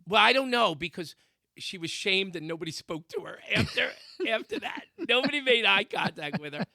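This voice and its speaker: A man co-hosting a talk radio show, telling a comic story with sound effects and shouted quotes. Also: sits high, lively intonation, normal speed, creaky, no room sound, studio quality. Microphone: studio microphone.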